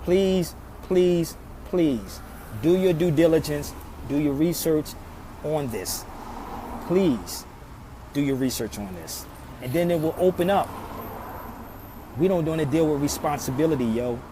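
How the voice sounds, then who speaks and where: A man's voice: fairly high pitch, lively intonation, moderate pace, long pauses. A man from Philadelphia giving an impassioned outdoor monologue, emphatic and preachy, repeating his pleas over and over. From Philadelphia, USA. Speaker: social media commentator. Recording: outdoor traffic noise.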